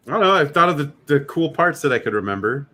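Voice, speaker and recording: A man co-hosting a casual movie podcast, dropping dry, deadpan jokes. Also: on the high side, fast talker, background noise. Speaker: podcast co-host. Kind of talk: casual chat about movies.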